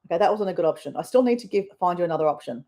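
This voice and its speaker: A woman's voice: on the low side, lively intonation, racing, mellow. An Australian woman hosting a casual live stream, chatting in a rambling way with her viewers. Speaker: livestream host.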